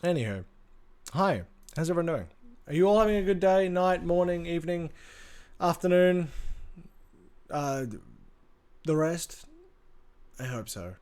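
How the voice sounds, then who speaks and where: A man's voice: on the high side, animated, a little slow, long pauses, darkish tone. A man, chatting casually with his live-stream audience, swearing freely and greeting viewers by name, tired from little sleep. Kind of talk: casual gaming stream chat. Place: home room with a large bookshelf.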